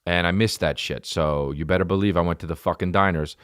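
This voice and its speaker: A man's voice: low-pitched, fairly even intonation, fairly quick, clean tone, no room sound, studio quality. A man in his thirties telling a rambling, profane comic story on a podcast, with many restarts. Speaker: comedian. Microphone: studio podcast mic.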